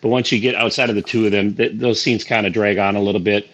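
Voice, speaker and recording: A man reviewing a movie on a podcast in a measured, hesitant way. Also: lowish voice, fairly even intonation, a bit bright, highs cut off. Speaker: podcast co-host.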